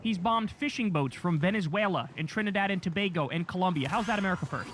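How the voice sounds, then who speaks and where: A man with a high-pitched voice rants through political news on a livestream, fiery and sarcastic, dropping curses freely. The audio is noisy, with a steady hiss behind him. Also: fast talker. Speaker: news commentary host.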